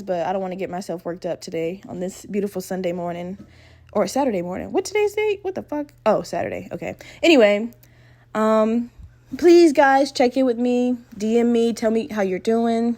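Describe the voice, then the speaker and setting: A woman in her twenties hosting her own podcast, telling a story in a lively, profane, laughing way and acting out the quotes. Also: mid-range voice. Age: 20s. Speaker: podcast host. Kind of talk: casual storytelling monologue.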